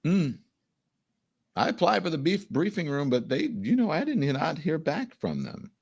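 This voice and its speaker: A man's voice: a little high, wildly swooping pitch, a little slow, gravelly, long pauses, a little mellow, husky. Blunt, indignant male commentary host. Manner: blunt, indignant, swears freely. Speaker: show host. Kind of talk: livestream political commentary.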